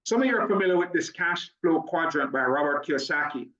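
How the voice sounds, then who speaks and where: A man with a strong Jamaican accent pitches an opportunity on an online call, quick and upbeat, his voice sitting a little high. The audio is roomy and muffled, as if he is some way from the mic. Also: far from the mic. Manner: talks fast when excited, upbeat and persuasive. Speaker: business opportunity presenter. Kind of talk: online sales presentation.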